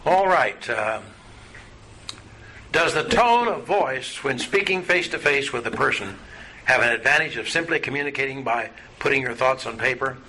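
Teaching a Bible class in a noisy room, this man asks his students questions with patient, folksy warmth. His mid-range voice is bright and forceful, moving at a normal speed with lively intonation.

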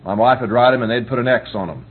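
A man's voice: mid-range voice, fast, slightly rough. A middle-aged man preaching a conversational sermon on parenting, folksy, often asking whether listeners understand. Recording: tinny phone-like recording with faint hum.

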